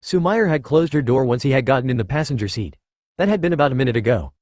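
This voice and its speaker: A man's voice: mid-range voice, animated, fast, a little mellow, no room sound. Man narrating in a dry, close voice. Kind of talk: scripted narration of fan fiction.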